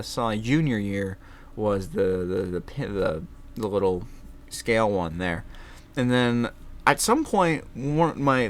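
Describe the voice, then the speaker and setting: A young man talking casually on his vlog, animated and swearing freely, laughing often. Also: mid-range voice. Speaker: vlogger. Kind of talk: casual chat.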